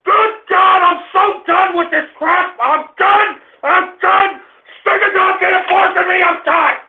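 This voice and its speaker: A man voicing a furious, squeaky-voiced radio host who shouts and curses at his audience in an exasperated rant. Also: animated, normal speed, vocal fry, husky, exaggerated voice. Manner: shouting, cursing, exasperated ranting. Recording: tinny phone-line radio stream.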